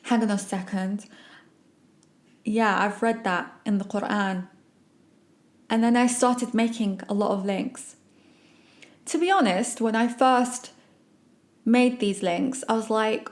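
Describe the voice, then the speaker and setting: A woman hosts a podcast and recounts her own experiences. She speaks emphatically and animatedly, with a slightly high voice. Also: slow pace, pauses often. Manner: emphatic, animated, acts out quoted remarks. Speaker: podcast host. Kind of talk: personal storytelling.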